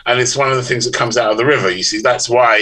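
Bright-voiced London man, chatty and laughing. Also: mid-range voice, fairly even intonation, quick pace, husky, poor audio. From London, England. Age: middle-aged. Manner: chatty, laughs often, stumbles and restarts. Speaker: author guest. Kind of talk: casual interview chat.

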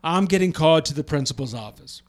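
A middle-aged man hosting a casual chat, telling a long story with lively restarts and acted-out quotes. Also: on the high side, fast talker. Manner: animated, restarts sentences, acts out quotes. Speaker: podcast host telling a story.

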